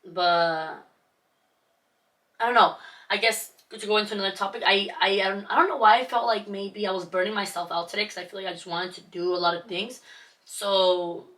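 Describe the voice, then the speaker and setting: A woman's voice: medium pitch, steady tone, fairly quick, pushed and bright, distant mic. A young woman co-hosting a podcast, talking openly and reflectively with many fillers. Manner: rambling, reflective, lots of fillers. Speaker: podcast co-host. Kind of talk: casual chat.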